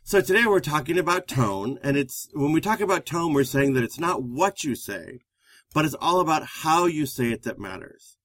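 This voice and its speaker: A fairly high-voiced man talks through relationship advice as a therapist and co-host. He explains steadily and turns to the audience with questions. The sound is close and dry, with no room around it. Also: normal speed, no room sound. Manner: steady, explanatory, addresses listeners directly. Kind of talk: conversational relationship advice show.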